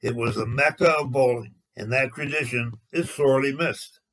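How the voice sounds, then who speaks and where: A man, a former lane man, narrating a personal anecdote in a steady retelling. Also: medium pitch, moderate pace, low-quality recording. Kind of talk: storytelling narration.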